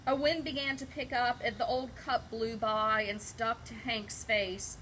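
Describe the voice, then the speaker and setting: A woman teacher reading a picture book aloud to young children in a gentle, expressive way. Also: a little high, measured pace, noisy background.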